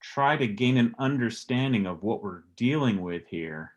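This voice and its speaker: A man playing a tabletop role-playing game, describing his moves slowly and deliberately. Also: medium pitch, expressive, muffled recording. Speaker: player.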